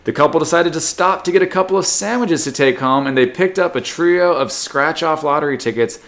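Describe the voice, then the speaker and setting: A man hosting a comedy podcast, reading odd news stories aloud and riffing on them with sarcastic jokes and quick silly voices. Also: fairly high pitch, fairly bright tone. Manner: sarcastic, reads headlines then riffs with silly put-on voices. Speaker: podcast host.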